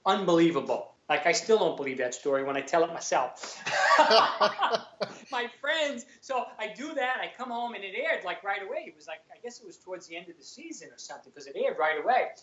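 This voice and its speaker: A middle-aged man with a New York accent, a guest telling a story in animated, chatty fashion, acting out other people's lines and laughing often. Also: high-pitched, a little fast, noisy background. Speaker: guest, actor and former police sergeant. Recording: roomy, slightly dull lo-fi sound.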